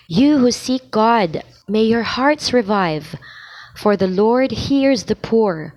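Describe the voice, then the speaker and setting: Slow, deliberate woman reading scripture. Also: medium pitch, rough recording. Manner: measured, deliberate, pausing between phrases. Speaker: lector practice host. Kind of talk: slow liturgical reading practice.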